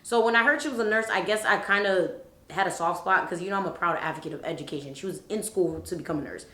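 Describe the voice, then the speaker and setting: A young woman in her twenties tells a story on her vlog with lots of energy, swearing freely as she goes. Her voice is bright and forward, and it echoes a bit in a roomy space. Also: fairly low pitch, fast. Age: 20s. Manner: animated, profane, expressive storyteller. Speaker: vlogger. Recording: roomy echo.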